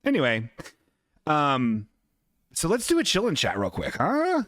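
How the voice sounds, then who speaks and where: A man's voice: mid-range voice, huge pitch swings, unhurried. A man hosting a live-streamed podcast in casual chat, rambling, self-deprecating and swearing a lot. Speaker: podcast host.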